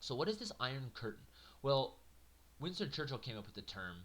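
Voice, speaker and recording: A man teaching a history lecture in a conversational, animated way with jokey asides. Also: mid-range voice, brisk. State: yawning, a little tired.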